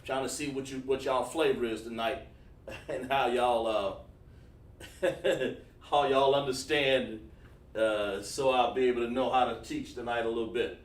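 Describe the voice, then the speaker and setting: A man's voice: medium pitch, steady tone, unhurried. A man teaching an online lesson, coaxing students with repeated questions. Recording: echoey room, far from mic.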